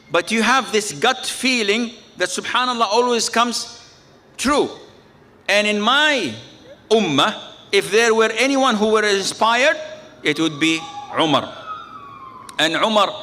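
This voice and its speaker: Male preacher, bright and fairly high voice, storytelling sermon at an Islamic center. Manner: storytelling with quoted dialogue, frequent Arabic phrases.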